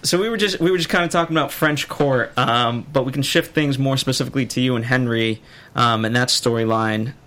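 A man's voice: medium pitch, fairly quick, hardly any pauses, a bit bright. A man hosting a casual panel chat, introducing guests and asking questions with some hesitation. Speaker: podcast host.

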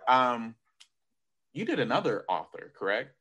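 A man's voice: mid-range voice, big pitch swings, pushed and bright, husky. A man hosting a podcast interview, chatting casually and often restarting his sentences. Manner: halting, restarts often, easygoing. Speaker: podcast host.

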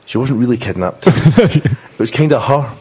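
Casting: husky man, mid pitch, animated football storyteller. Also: moderate pace. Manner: animated storyteller, relishes the anecdotes. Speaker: podcast regular. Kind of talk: casual football podcast storytelling.

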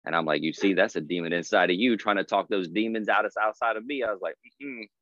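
A man talking casually on a podcast, animated and laughing as he acts out what people said. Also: lowish voice, quick pace, no echo, dull audio. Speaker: podcast guest.

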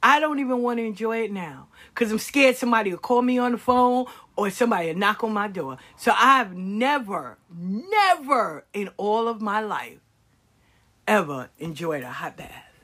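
Very animated and fairly bright, this medium-pitched woman talks at a moderate pace. An older woman with nine grandkids, she offers life lessons in a casual, passionate storytelling monologue, often whispering.

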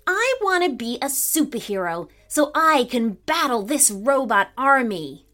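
A woman's voice: sits high, very animated, unhurried, sharp tone, exaggerated voice. A woman voicing a brave young boy who talks in eager, earnest outbursts.

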